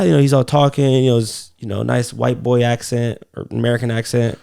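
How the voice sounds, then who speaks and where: A man's voice: mid-range voice, little pitch movement, brisk, vocal fry, dark tone, clean tone. A man co-hosting a comedy podcast, telling loose, profane stories in casual chat. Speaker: podcast co-host.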